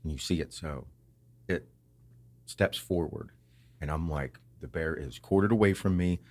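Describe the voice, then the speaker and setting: A man hosting a podcast, telling a story in a casual, animated way, swearing often and acting out what others said. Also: very deep voice, a little slow. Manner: animated, swears a lot, acts out quotes. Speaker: podcast host.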